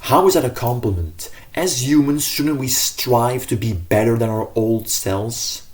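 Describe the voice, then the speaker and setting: A man's voice: mid-range voice, animated, measured pace, darkish tone. A man giving casual self-improvement advice to camera in an earnest, rambling way, often correcting himself mid-sentence.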